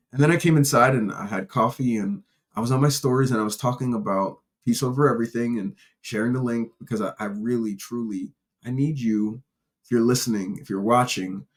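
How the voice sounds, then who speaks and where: A man hosting a casual solo podcast, telling personal stories in a rambling, candid way with restarts and casual profanity. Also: mid-range voice. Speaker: podcast host.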